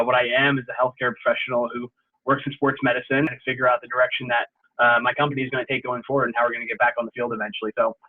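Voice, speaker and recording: A young adult man giving a relaxed, explanatory safety talk over a video call, with frequent fillers. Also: medium pitch. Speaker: sports medicine presenter. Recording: tinny phone-like call audio.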